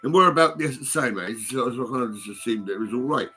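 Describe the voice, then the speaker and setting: A man's voice: medium pitch, lively intonation, brisk, sharp tone, breathy edge. An older British man with a British accent in an angry, rambling vlog rant, swearing, threatening and mocking someone, recorded on a phone. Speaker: vlogger.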